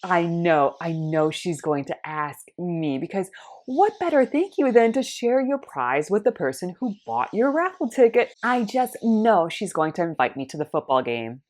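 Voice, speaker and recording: A woman telling a personal faith story in an animated way, acting out the dialogue in different voices. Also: on the low side, moderate pace.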